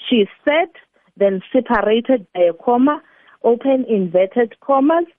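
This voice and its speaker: A woman teaching a grammar lesson, explaining slowly and deliberately and repeating her examples. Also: on the high side, animated, no echo. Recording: tinny phone-like line, dry.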